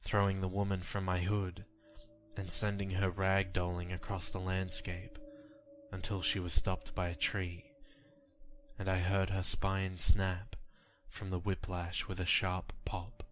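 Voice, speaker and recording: A man reading a horror story aloud in a measured, grim storytelling manner. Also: low-pitched, monotone. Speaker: narrator. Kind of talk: scripted horror story narration. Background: faint music.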